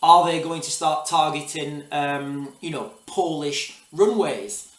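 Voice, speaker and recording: A man in a casual commentary vlog. His voice sits a little higher than most men's, and he talks to his viewers in loose, rambling asides, often stopping to restart a thought. He sounds set back from the mic in an echoey room. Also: slow, recorded from a distance. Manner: rambling, restarts, repeats "guys, all right". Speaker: video host.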